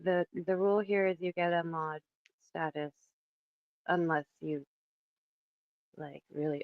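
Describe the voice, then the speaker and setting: A woman's voice: on the low side, steady tone, measured pace, pauses often, no room sound, phone-quality sound. A woman in her thirties hosting a casual livestream from her home kitchen, chatting in a rambling way and reading the chat aloud. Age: 30s. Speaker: livestream host. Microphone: phone.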